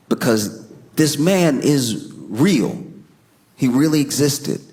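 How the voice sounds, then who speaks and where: A man doing stand-up comedy, telling a story in an animated, exaggerated way, often breaking into laughter. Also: medium pitch.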